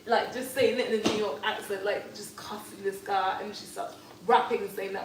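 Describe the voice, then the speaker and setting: A woman's voice: mid-range voice, moderate pace. A young woman chatting casually with a friend, a gossipy storyteller full of slang and swearing. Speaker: friend of the host. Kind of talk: casual chat. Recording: distant, echoey room with steady background noise.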